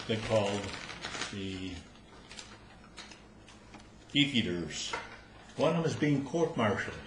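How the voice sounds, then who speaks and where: A man's voice: lowish voice, big pitch swings, slow. An older man telling jokes to a live club crowd, chuckling at his own punchlines. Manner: storytelling, laughing at own punchlines. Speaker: amateur joke teller. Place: room at a social club after bridge. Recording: roomy room with faint noise.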